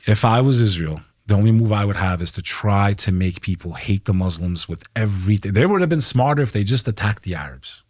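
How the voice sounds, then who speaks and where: A man's voice: fairly low pitch, animated, a little fast, few pauses, no echo, studio quality. A middle-aged American man, a podcast guest, talking heatedly and emphatically, swearing and throwing in "bro" as he makes his case. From United States. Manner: heated, emphatic, profane, keeps saying "bro". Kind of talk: impassioned podcast talk.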